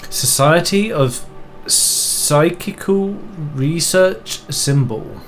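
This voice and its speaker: A man's voice: a little high, extremely slow, soft background music. A man streaming a mystery game, reading its text aloud and adding casual asides.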